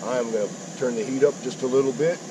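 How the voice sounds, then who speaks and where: A man's voice: mid-range voice, steady tone, fast talker, recorded from a distance, noisy background. A man casually chatting while cooking breakfast at a mountain campsite, folksy with joking asides. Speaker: outdoor vlogger. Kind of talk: casual camp-cooking vlog.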